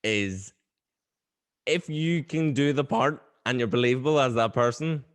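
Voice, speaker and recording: A man's voice: mid-range voice, measured pace. A young man hosting a podcast, talking in a hesitant, rambling way and then making his point emphatically. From Ireland. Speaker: podcast host, actor. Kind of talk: casual interview chat.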